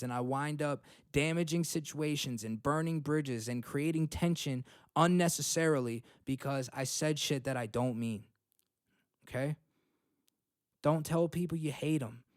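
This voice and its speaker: A young man on his own self-help podcast, talking bluntly and swearing freely. His voice sits a bit high and comes through smooth and resonant. The sound is close and dry, with almost no room echo. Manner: blunt, swears freely, repeats points with "okay?" and "right?". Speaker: podcast host. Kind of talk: motivational self-help talk. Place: home.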